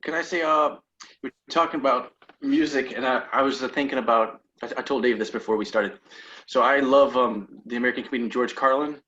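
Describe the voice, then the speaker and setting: A male host asking a long, halting question in a casual interview. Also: mid-range voice, pushed and bright, highs cut off, a little hiss or hum.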